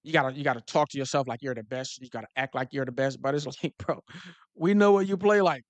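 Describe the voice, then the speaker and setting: A man's voice: medium pitch, fast, dry recording. A man hosting a casual football talk show, riffing to his viewers in slang with lots of restarts. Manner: animated, repetitive restarts and slang. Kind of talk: casual sports commentary to live viewers.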